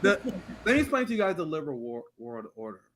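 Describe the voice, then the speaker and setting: A man's voice: a little high, big pitch swings, fast, fairly bright tone. A man co-hosting a political commentary show, blunt and profane as he riffs on the news. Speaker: co-host.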